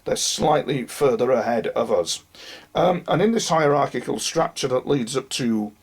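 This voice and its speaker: A man's voice: mid-range voice, expressive, moderate pace. A man talking earnestly to camera about his experiences, rambling and addressing viewers directly, unwell and losing his voice. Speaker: UFO experiencer. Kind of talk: monologue to camera.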